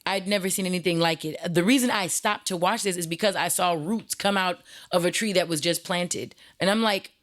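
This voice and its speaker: A woman hosting her own show, telling a story in a blunt, animated, casual way. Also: on the low side, brisk, hardly any pauses. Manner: blunt and animated, with frequent restarts. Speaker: host.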